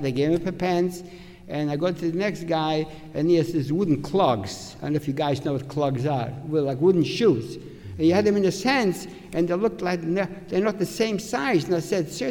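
Older man, testimony to a live audience; halting, reverberant hall. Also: on the high side, warm tone. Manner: halting, restarts, asks okay. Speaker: survivor giving testimony. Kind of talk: spoken recollection to an audience.

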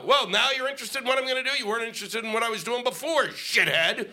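A man's voice: very high voice, expressive, fast, creaky, hardly any pauses, bright, forceful tone, a little hiss or hum. A male stand-up comic doing a profane, ranting set on stage into a microphone. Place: comedy stage with audience laughing.

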